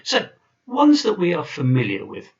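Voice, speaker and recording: Man, gravelly voice, lively pitch, casual teaching, slightly distant dull recording. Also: moderate pace. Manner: chatty, with frequent fillers and restarts. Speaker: language teacher. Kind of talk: informal video lesson.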